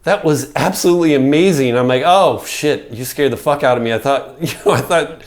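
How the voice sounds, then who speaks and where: A man's voice: a little high, brisk. A middle-aged man, a podcast guest, telling a casual story in a rambling way, full of "like" and swearing.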